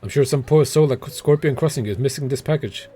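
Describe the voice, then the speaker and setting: A man's voice: medium pitch, fairly quick, warm tone, breathy edge, soft background music, lightly acted. A man voicing a weary, out-of-breath man in a game, gasping and dramatic as he pleads. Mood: exhausted.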